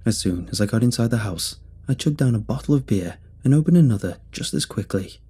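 Male horror storyteller, deep-ish and husky, measured delivery. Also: lively intonation, mellow. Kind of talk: scripted first-person horror narration.

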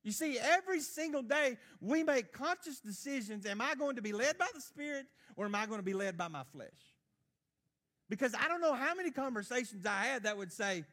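A man, preaching a sermon as a missionary and telling his story earnestly, swinging between loud and hushed. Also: very high-pitched, lively intonation, a little fast.

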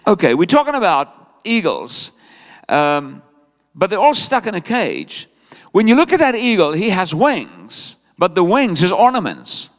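A man preaching a sermon in a church in an animated, humorous way, often asking the congregation questions. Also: sits high, unhurried, long reverb tail. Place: church hall.

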